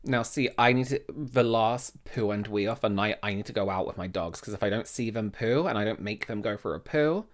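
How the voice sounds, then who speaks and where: A man hosting a reaction video, talking casually and with animated surprise straight to his viewers. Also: lowish voice, brisk, hardly any pauses. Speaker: reaction channel host.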